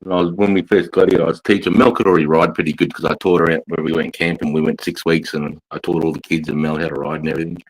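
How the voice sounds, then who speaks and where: Deep-voiced aussie guy telling a bush riding yarn, swears a lot, chill. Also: level tone, quick pace, few pauses, low-quality recording. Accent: Australian. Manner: swearing, laid-back yarn-spinning. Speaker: podcast co-host. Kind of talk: casual chat.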